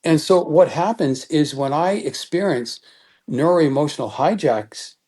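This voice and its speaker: A middle-aged man appears as a guest expert in an interview, teaching with lively energy and acting out the thoughts he quotes. His voice sits on the high side, a little slow and husky.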